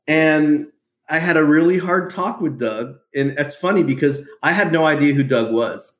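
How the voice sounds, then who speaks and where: A man being interviewed about his business, telling lively stories, acting out quotes and laughing often. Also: fairly high pitch, normal speed. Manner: animated storyteller, laughs often, acts out quotes. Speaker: podcast guest, entrepreneur. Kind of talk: casual interview storytelling. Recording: roomy echo.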